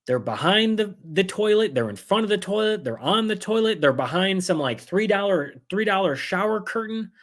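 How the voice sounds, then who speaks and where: A man hosting a livestream of political commentary, talking fast, heated and sarcastic, acting out others in mocking voices. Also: high-pitched, animated.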